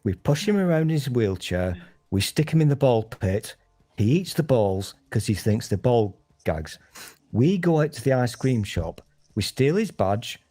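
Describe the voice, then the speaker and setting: A man's voice: mid-range voice, sing-song, measured pace, mellow. A man with a British accent, talking in a rambling, jokey, crude way in a casual group chat.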